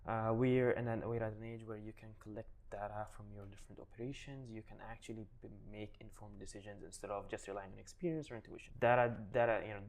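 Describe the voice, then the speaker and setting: A man speaking as the guest in a business interview, relaxed and often restarting his sentences. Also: fairly low pitch, fast, hardly any pauses. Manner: relaxed, many restarts and "you know". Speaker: guest, digital advisor. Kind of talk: casual interview answers.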